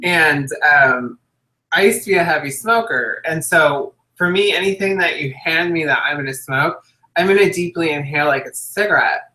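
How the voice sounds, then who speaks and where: A young adult woman co-hosting a casual chat show, telling stories in an animated way and laughing often. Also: low voice, moderate pace. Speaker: co-host. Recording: echoey room.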